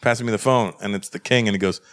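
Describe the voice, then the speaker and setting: Animated man telling a wild story. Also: on the low side, fast. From Canada. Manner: animated, acts out voices in his story. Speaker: comedian guest. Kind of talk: storytelling anecdote. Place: hotel room.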